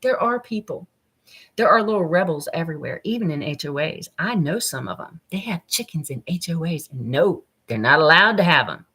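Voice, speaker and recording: A woman's voice: low-pitched, animated, brisk, fairly bright tone, slightly rough. A middle-aged woman, chatting casually and bluntly from her home kitchen as she reads viewer comments, swearing freely. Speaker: livestream host. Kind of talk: casual chat while cooking.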